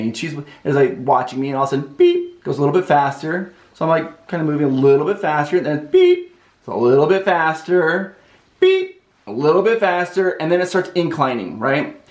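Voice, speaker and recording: Animated man telling a story, echoey room. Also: on the high side. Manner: animated, with lots of "like" fillers. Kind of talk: casual personal storytelling.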